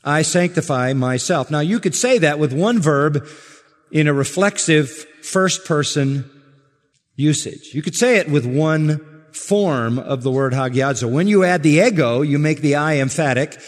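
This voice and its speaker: A man preaching a sermon to a congregation, measured and emphatic, stressing words slowly. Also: a little high, expressive, long reverb tail. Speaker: pastor.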